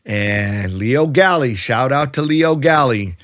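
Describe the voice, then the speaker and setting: A man's voice: mid-range voice, lively intonation, takes it slowly, fairly bright tone. A middle-aged man, a realtor guest, telling stories emphatically in a casual interview and often calling the host by name.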